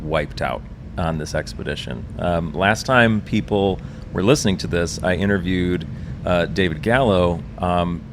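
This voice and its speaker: A man's voice: deep voice, measured pace. A man hosting a podcast from a ship's lounge, chatty and friendly. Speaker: podcast host. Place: lounge of a research ship at sea. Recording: hum of ship engines behind. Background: ship engine hum, faint music.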